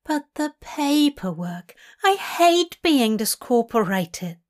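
Fussy male angel, voiced by a woman, whiny, higher pitch, storybook. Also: big pitch swings, measured pace. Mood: whining. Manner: whiny, complaining. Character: fussy, gentle male angel who frets.

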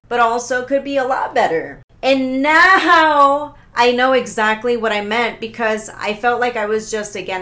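A woman hosting a solo podcast, talking in an excitable, rambling way, swearing often, stopping herself and restarting, pacing as she talks. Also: medium pitch. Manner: paces around while talking. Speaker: podcast host. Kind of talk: casual solo podcast rant.

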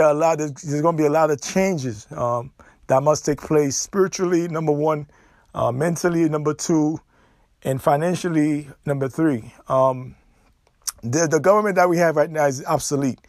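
A man's voice: a little high, darkish tone, no room sound, clean studio sound. A middle-aged man with a Haitian accent, hosting a solo podcast and making his points emphatically, repeating himself with loose grammar. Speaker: podcast host.

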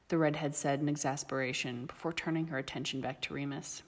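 Low husky woman narrating. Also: steady tone, fast. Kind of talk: audiobook reading of fan fiction. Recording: long reverb.

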